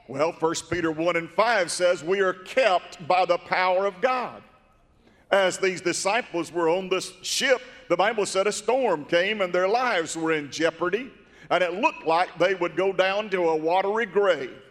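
High-voiced preacher in a reverberant hall. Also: male voice, measured pace. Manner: fervent, storytelling, rises to emphatic shouts. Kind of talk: sermon. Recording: long reverb of a large hall.

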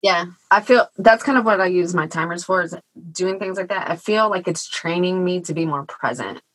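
Bright, husky woman host. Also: lowish voice, normal speed, rough recording. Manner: friendly, swears casually. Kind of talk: casual chat.

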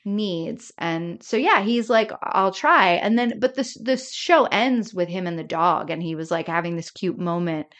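A woman's voice: on the low side, unhurried, hardly any pauses. Chatty woman co-hosting a podcast. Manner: animated, laughs often, quotes characters. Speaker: podcast co-host. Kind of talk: casual chat.

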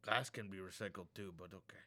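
A man's voice: low voice, fast, sharp tone, dry recording. A man in casual podcast banter, making dry, hesitant corrections.

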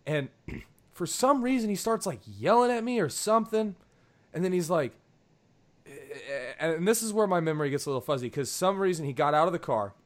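A young man with a rather high voice that leaps all over the place as he tells a story among friends. He acts out each quote in a louder, higher voice and laughs along the way. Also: lively intonation, brisk.

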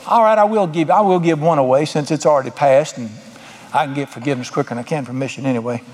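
A man's voice: on the high side, quick pace, a little mellow. A middle-aged man preaching a sermon as pastor, folksy, with emphatic bursts. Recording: long hall reverb.

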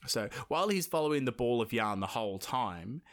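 A man's voice: medium pitch, expressive, fairly quick. A man hosting a podcast, retelling a folk tale in casual chat with rambling, jokey asides. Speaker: podcast host, storyteller.

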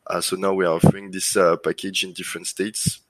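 A man's voice: deep voice, fairly quick, no echo, poor audio. A man from France with a French accent, talking casually as an interview guest, full of fillers and restarts. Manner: relaxed, many fillers and restarts. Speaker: guest, lead generation business owner.

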